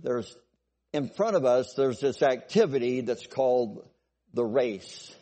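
With a mellow, mid-range voice, this man delivers a sermon in a conversational style. He keeps restarting, repeats himself, and checks that the congregation is following along, all under a long hall reverb.

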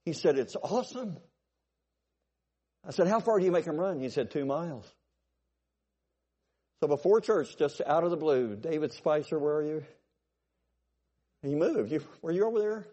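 A man preaching a sermon, telling stories and checking in with his congregation, swinging from loud bursts to low asides. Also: animated, moderate pace, pauses often, lo-fi sound. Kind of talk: sermon with storytelling.

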